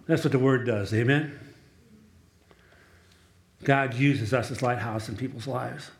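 In a church sermon, a male pastor who is also a chaplain tells stories in a conversational manner and calls on the room for amens. His mid-range voice is gravelly and measured, heard in a roomy space with slight background noise.

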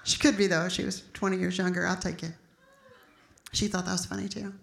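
A woman's voice: lowish voice, level tone, brisk, vocal fry, roomy sound, a little hiss or hum. A middle-aged woman pastor preaching an emphatic, storytelling sermon.

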